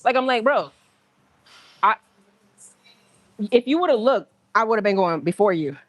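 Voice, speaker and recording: A woman's voice: on the high side, animated, measured pace, no echo. A woman chatting casually on a livestream from the gym, telling stories in slang with laughs and acting out other people's lines. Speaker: livestream host.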